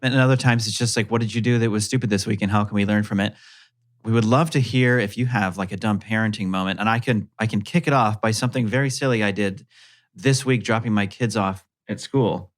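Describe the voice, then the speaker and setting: Animated man telling a funny story. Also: fairly low pitch, brisk. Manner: animated, self-deprecating, laughs through the story. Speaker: guest podcast co-host. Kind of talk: casual storytelling.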